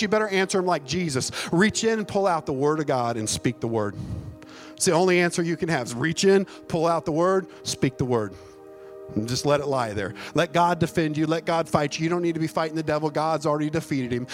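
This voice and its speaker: Male pastor, folksy sermon, emphatic, joking, soft music underneath. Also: on the high side. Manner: folksy, emphatic, jokes and laughs mid-preaching.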